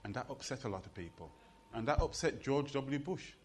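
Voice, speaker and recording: A middle-aged man with a Birmingham Jamaican accent, telling jokes and stories and reciting poetry on stage in an animated, rhythmic way. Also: mid-range voice, a little fast, slightly rough. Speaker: poet and performer. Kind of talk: live storytelling and poetry performance.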